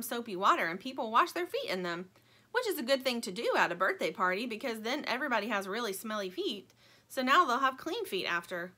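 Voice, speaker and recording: A woman's voice: a little high, pushed and bright, exaggerated voice. A woman voicing a bossy, know-it-all female toy stingray in a storybook, speaking with confident self-importance. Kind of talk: storybook character voice.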